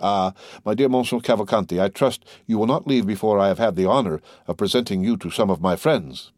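A man's voice: lowish voice, brisk, darkish tone, no echo, studio quality, close to an everyday voice. A man voicing a composed, authoritative count in an audiobook, courteous and cool. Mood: commanding, courteous.

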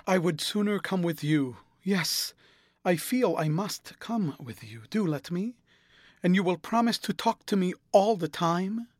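A man's voice: high voice, lively intonation, unhurried, dry recording, clean studio sound. A man voicing an eager, admiring young man who speaks earnestly and pleadingly.

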